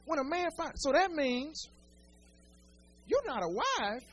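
A man's voice: very high voice, wildly swooping pitch, slow, long pauses, fairly bright tone, faint music behind. A male pastor preaching a sermon, speaking right to his congregation with folksy humor and repeated, building phrases.

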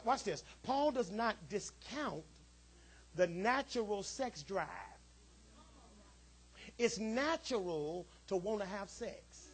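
A man a sermon as pastor, calling out to the congregation and swinging from quiet asides to shouts. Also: high voice, husky. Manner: call-and-response preaching, rising to shouts.

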